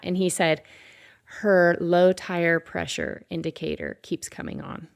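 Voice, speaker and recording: A woman's voice: on the low side, measured pace, vocal fry, clear, resonant tone. A woman pastor hosting a faith podcast, chatting casually and telling a story with acted-out quotes. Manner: animated storyteller, acts out quoted voices. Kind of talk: casual conversation.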